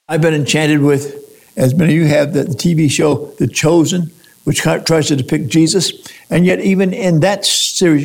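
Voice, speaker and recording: A male preacher with a high-pitched voice and a gravelly edge. He delivers a sermon in a searching way, firing off rhetorical questions and often stopping to restart a phrase. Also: a little mellow. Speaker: pastor.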